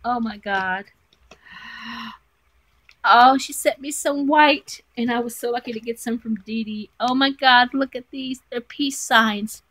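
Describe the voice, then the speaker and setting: A woman's voice: on the high side, measured pace, a bit bright, poor audio. A woman vlogging from her bedroom as she unboxes a craft parcel, gushing with gasps and exclamations. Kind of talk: casual unboxing vlog. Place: at home in a bedroom.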